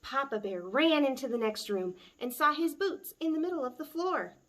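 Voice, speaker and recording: A woman, a children's librarian, reading a picture book aloud at story time with a gentle, expressive manner. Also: sits high, normal speed.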